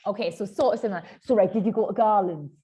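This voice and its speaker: A woman's voice: medium pitch, fast, warm tone, breathy edge. A Geordie woman in her thirties hosting a podcast, chatting casually and swearing freely. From North East England. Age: 30s. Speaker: podcast host. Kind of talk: casual chat.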